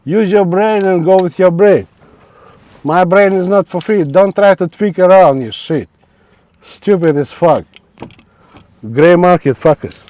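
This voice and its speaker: A man's voice: sits high, a little slow, pauses often, darkish tone, no room sound. A man ranting angrily to camera in a vlog, swearing constantly and repeating himself in broken phrases. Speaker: vlogger. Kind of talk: angry profane rant to camera. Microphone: wireless clip mic.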